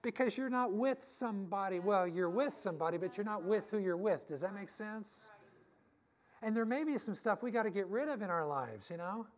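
A woman's voice: mid-range voice, lively intonation, normal speed. A middle-aged woman pastor giving a casual, story-filled sermon, repeating phrases and laughing easily as she talks.

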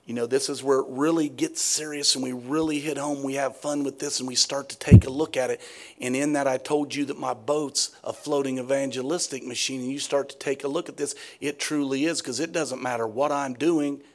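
A man's voice: mid-range voice, steady tone, brisk. A middle-aged man preaching a sermon, folksy and joking, talking straight to the congregation.

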